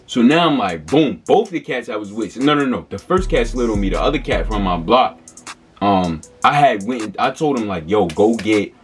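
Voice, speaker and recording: A man's voice: mid-range voice, expressive, normal speed, faint music behind. A man in his twenties telling a story in a casual, slangy, rambling way, full of fillers. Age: 20s. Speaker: vlogger.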